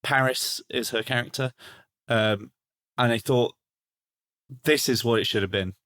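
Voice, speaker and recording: A man's voice: mid-range voice, measured pace, fairly bright tone, clear, resonant tone. A man co-hosting a podcast, chatting casually about a film with many restarts and fillers. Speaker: podcast co-host. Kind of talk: casual film review chat.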